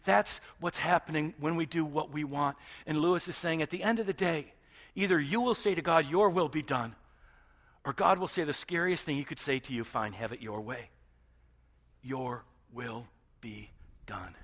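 A man preaching a sermon as pastor, moving between loud emphatic passages and hushed near-whispers. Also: fairly high pitch, a little fast.

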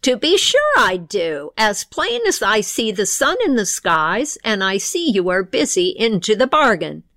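A woman's voice: mid-range voice, big pitch swings, unhurried, hardly any pauses, a bit bright, no echo. A bold, shrewd old market woman from a folk tale, voiced by a woman storyteller. She calls out in a raised, taunting voice. The recording is close and dry.

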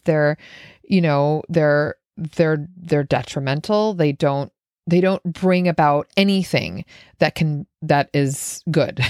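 A woman coach telling a personal story in an earnest, reflective way, often laughing softly and restarting her sentences. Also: fairly low pitch, no echo, studio quality.

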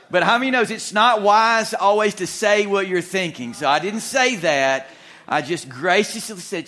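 A middle-aged man preaching in a church, telling a humorous story with animated, self-deprecating delivery and frequent chuckles. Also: sits high, normal speed. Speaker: guest preacher. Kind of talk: storytelling sermon. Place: church sanctuary.

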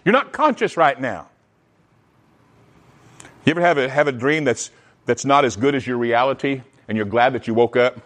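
A man preaching a sermon in an animated way, often restarting his words. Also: mid-range voice, moderate pace, long pauses. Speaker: pastor.

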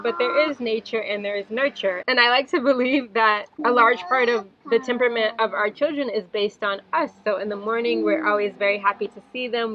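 A young woman, a mother, telling a personal story in a gentle, reflective way, later reading a prayer. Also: fairly high pitch. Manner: gentle, reflective, with soft fillers. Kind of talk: casual storytelling monologue. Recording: slightly dull, faint background hiss.

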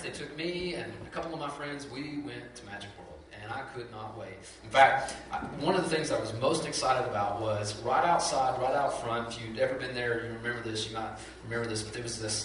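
Echoey, bright-voiced pastor preaching. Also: male voice, on the high side, slight background noise. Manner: animated, conversational storytelling with lots of asides. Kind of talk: sermon. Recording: very echoey hall from far off.

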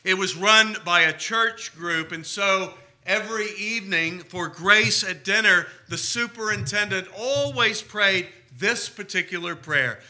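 A man's voice: high-pitched, measured pace, hardly any pauses, pushed and bright. A man preaching a sermon as a priest, telling stories with humor. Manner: storytelling with humor.

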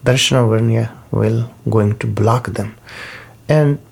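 Slow gravelly man teaching. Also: fairly low pitch, darkish tone. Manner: unhurried, repeats key terms, non-native phrasing. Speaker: spiritual teacher. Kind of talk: slow spoken teaching talk.

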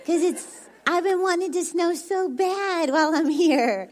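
A woman's voice: extremely high pitch, a little slow, a little mellow. A woman from Dallas with a Texan accent and a very youthful, childlike voice, preaching as a bubbly, chatty guest speaker who laughs often. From Dallas, Texas. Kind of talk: sermon.

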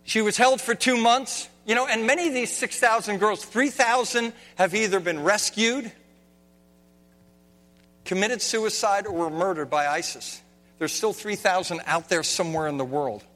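A man preaching with slides, swinging from hushed tones to shouting. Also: sits high, normal speed, long reverb tail. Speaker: pastor. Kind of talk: sermon with slides.

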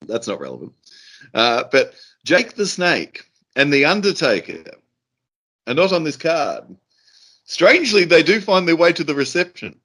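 A man co-hosts a casual podcast. He tells stories with energy and slips into the voices of the people he quotes. His voice sits a little high and sounds bright, and his pitch moves a lot. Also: normal speed. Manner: animated storyteller who acts out quoted voices. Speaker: podcast co-host. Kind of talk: casual chat.

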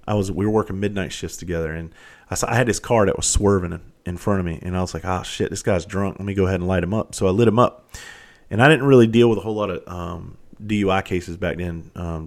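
A man who used to be a police officer and is from South Carolina, telling a long profane story in a casual, animated way, sometimes loud and sometimes hushed. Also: low voice.

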